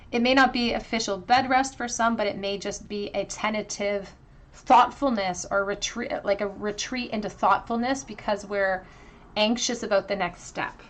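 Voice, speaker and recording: A tarot reader with a medium-pitched, somewhat bright voice reads cards for her viewers. She is earnest and emotional, pausing often with fillers and restarting her thoughts.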